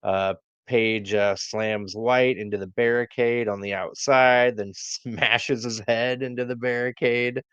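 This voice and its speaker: A man's voice: medium pitch, steady tone, slow, a bit bright, clear, resonant tone, no echo. A man co-hosting a wrestling podcast, recapping matches in a laid-back way with many fillers. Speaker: podcast co-host. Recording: dull lo-fi dry sound.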